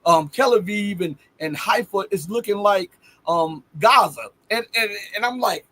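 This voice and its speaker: A man hosting a live stream, reading out chat questions in a measured way with many fillers. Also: high-pitched, expressive, bright, forceful tone. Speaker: host.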